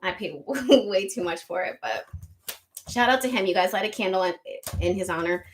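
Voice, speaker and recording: A woman hosting a casual live chat with viewers, talking loudly and projecting, laughing often and chatty. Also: medium pitch, normal speed, slight background noise. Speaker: tarot reader and live stream host. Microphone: desk microphone.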